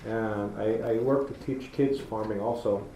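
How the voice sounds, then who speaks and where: Man, middle-aged, public lecture, storytelling, gravelly, warm, roomy hall. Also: on the low side, fairly even intonation, measured pace, muffled recording. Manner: storytelling, folksy, acts out talking to kids. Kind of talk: public talk. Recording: echoey lecture hall with faint noise.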